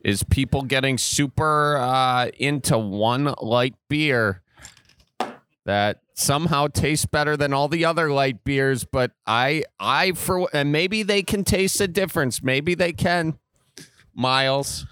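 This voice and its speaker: A man's voice: mid-range voice, slow, fairly bright tone, smooth, no room sound. Twenties guy from wisconsin riffing on a podcast, sarcastic, loses his train of thought a lot, dry close mic. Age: 20s. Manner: rambling, sarcastic, trails off mid-sentence. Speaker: podcast co-host. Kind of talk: casual podcast banter.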